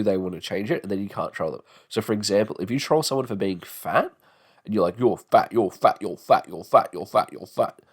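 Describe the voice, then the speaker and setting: A young Australian man in his twenties hosting a solo podcast, rambling and swearing freely as he talks. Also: deep voice. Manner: rambling, swears freely, mocking put-on voices. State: sore tongue and jaw. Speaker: podcast host. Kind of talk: casual podcast monologue.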